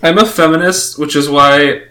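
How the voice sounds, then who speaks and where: A podcast co-host making quick, wry comments during a comedic reading. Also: mid-range voice, sharp tone. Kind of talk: casual comedic chat.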